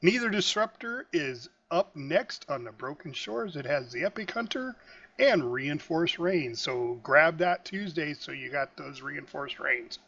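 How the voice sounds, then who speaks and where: A man hosting a gaming podcast in animated, joking banter. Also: on the high side, creaky, breathy edge. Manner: animated, joking, quick to laugh. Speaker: podcast host. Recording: dull lo-fi recording.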